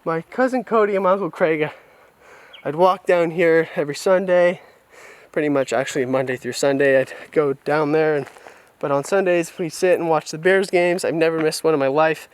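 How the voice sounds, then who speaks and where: A man's voice: a little high, normal speed, clear, resonant tone. A young man from California, vlogging outdoors and recalling his past in a candid, reflective way on a handheld camera mic. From California, USA. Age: young adult. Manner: reflective, open and unguarded. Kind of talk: candid personal storytelling. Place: outdoors on a rural family property. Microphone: camera mic on a handheld tripod.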